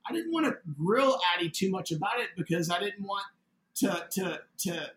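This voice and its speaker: A man telling a story in a casual interview, animated and acting out the voices of the people in it. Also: sits high, normal speed, roomy sound, slight background noise, poor audio. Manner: animated, acts out quoted dialogue. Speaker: interview guest, building owner.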